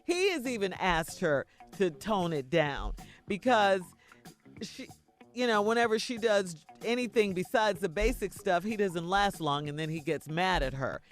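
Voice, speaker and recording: Radio co-host, female, lively and expressive, reading a listener letter on air, soft music bed. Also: medium pitch, unhurried. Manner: animated, laughing often.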